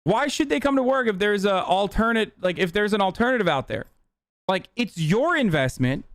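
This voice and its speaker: A man's voice: sits high, expressive, moderate pace, fairly bright tone, no echo, studio quality. A man streaming a reaction to a clip, ranting in a heated, profane, casual way.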